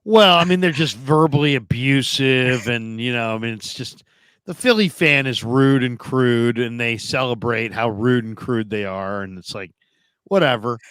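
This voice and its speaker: A middle-aged man hosting a sports call-in show, telling lively stories with acted-out quotes. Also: mid-range voice, normal speed, clean tone, no room sound. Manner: animated storyteller, acts out quoted voices. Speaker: sports talk show host.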